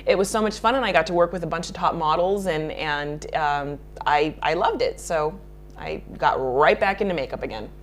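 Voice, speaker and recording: A woman's voice: deep voice, normal speed, slight background noise. A woman makeup artist answering interview questions in a chatty way, laughing often and restarting her sentences.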